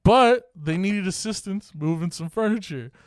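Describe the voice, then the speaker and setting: A man with a fairly high, smooth voice tells a self-deprecating story full of swearing. The sound is dry and close. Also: moderate pace, no room sound. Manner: profane, self-mocking. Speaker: podcast co-host. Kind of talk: casual storytelling.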